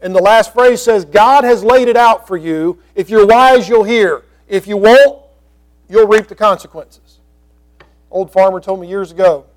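A male pastor teaching through scripture verse by verse, reading the old text slowly and explaining it in quick, conversational asides. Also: sits high.

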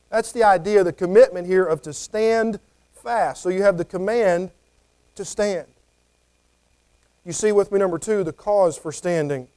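A man's voice: high-pitched, a little slow, pauses often, mellow. A man preaching a conversational sermon, often acting out what people might say. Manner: conversational, acts out quoted voices.

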